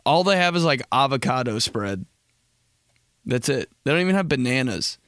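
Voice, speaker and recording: A man's voice: mid-range voice, lively intonation, normal speed, fairly bright tone, no echo, clean studio sound. A man hosts a podcast, rambling through a comedic monologue, laughing often and acting out quotes in exaggerated voices. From Indiana, United States. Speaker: podcast host.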